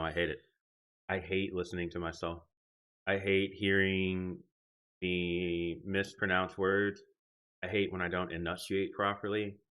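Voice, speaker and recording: A man's voice: low-pitched, a bit bright. A young man chatting casually with his viewers on a live stream, rambling and reading out their comments from a desk mic in his home gaming setup. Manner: rambling, talks to chat and reads out comments. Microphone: desk microphone.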